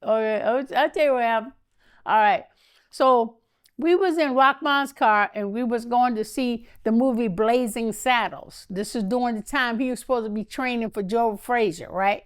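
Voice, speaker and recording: An older woman as an interview guest, telling candid stories in an animated way, laughing often and acting out what others said. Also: a little high, moderate pace. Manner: animated, laughs often, acts out quoted speech. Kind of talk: candid storytelling.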